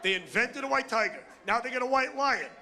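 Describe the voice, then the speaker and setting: Brash, gravelly comedian ranting. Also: male voice, extremely high pitch, lively intonation, a little fast, sharp tone, a little hiss or hum. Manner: brash, crude, ranting punchlines. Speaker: stand-up comedian. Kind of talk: stand-up comedy set. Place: comedy club stage with live audience.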